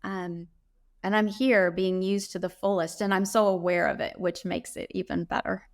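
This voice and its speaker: Middle-aged lady telling her faith story, earnest and heartfelt, lots of little um pauses. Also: fairly low pitch, steady tone. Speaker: interviewee sharing her faith testimony. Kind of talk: reflective interview answers.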